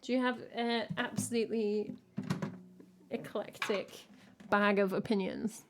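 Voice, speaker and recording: A woman's voice: medium pitch, fairly even intonation, a little slow, background noise. A singer-songwriter woman chatting casually with her livestream viewers between songs, rambling and teasing the chat. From England. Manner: rambling, loose, full of "like" and "I don't know".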